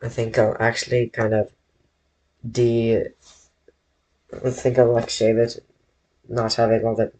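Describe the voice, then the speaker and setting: Guy chatting slowly while he draws on stream, unhurried, keeps restarting his words. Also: medium pitch, monotone, a little mellow. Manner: slow, rambling, self-correcting, talks to chat. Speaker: drawing streamer. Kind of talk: casual live-stream chat while drawing. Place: bedroom.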